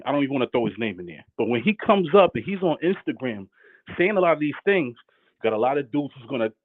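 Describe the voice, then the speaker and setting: A male caller chimes in on a tinny, dry phone line. He rambles in a relaxed way, full of fillers. His pitch moves lively up and down. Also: dry recording. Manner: laid-back, rambling, with frequent fillers. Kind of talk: casual call-in chat.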